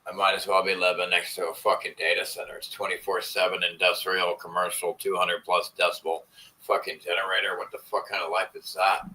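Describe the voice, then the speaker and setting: A man's voice: low-pitched, flat delivery, fairly quick, bright, forceful tone, low-quality recording. A man chatting casually with viewers on a live stream, rambling and swearing as he complains in frustration. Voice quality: profane, rambling. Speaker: vlogger.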